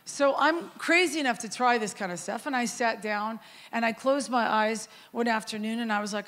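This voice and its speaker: A middle-aged woman, serving as a guest worship leader, gives a storytelling sermon in a relaxed way at a normal speed. When she acts out dialogue, her voice turns softer and lower, and the sound carries the feel of a big room.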